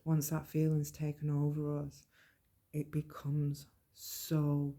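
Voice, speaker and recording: A woman giving an earnest, measured personal monologue about mental health. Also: deep voice, completely flat delivery, warm tone. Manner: earnest, measured, plain-spoken. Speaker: podcast host.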